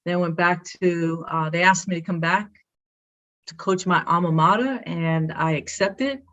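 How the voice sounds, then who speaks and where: A woman's voice: fairly low pitch, measured pace, fairly bright tone, lo-fi sound. A woman from Brooklyn with a Brooklyn accent, proudly telling her story as an interview guest. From Brooklyn, New York. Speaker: guest, athletic director. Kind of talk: casual interview.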